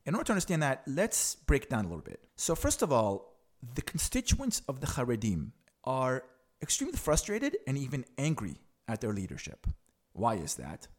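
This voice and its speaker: Animated, outspoken male political commentator. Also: mid-range voice, normal speed. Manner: frank and sarcastic, explains to viewers. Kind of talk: opinionated explainer commentary.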